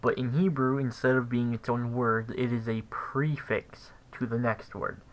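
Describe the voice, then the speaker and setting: A man giving a casual recorded language lesson, thinking aloud with pauses and restarts. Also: medium pitch, steady tone, rough recording. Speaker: language teacher.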